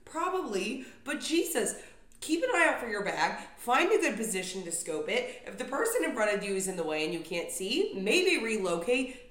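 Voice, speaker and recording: A woman's voice: mid-range voice, big pitch swings, normal speed, fairly bright tone. Young woman ranting profanely, roomy echo. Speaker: podcast host. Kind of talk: comedic solo rant. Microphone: podcast microphone.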